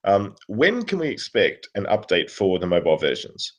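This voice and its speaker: A man's voice: low-pitched, huge pitch swings, normal speed. A man co-hosting a podcast in casual chat, easygoing as he reads listener questions aloud.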